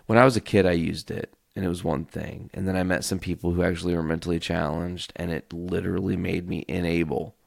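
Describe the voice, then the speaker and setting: Deep, gravelly-voiced man ranting. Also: a little fast, few pauses, dry recording, studio quality. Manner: profane, ranting, animated storytelling. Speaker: podcast host. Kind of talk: solo podcast storytelling.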